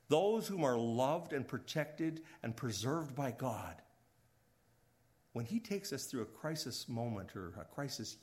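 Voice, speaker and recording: A middle-aged male pastor delivers a sermon in a slightly rough voice. He swings between loud, emphatic rises and hushed, low lines that trail off.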